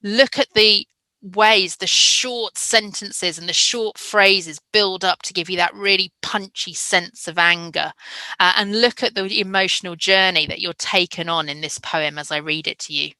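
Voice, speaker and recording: A woman presenting to teachers at a conference, enthusiastic and emphatic. Her voice sits fairly low and bright, and the sound is dry and close. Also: fairly even intonation, measured pace, no room sound, poor audio. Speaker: literacy education trainer.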